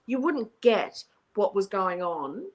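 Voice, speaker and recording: A woman hosting a podcast, chatting casually and telling animated stories with loud bursts of laughter. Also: mid-range voice, takes it slowly. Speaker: podcast host. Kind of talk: casual chat.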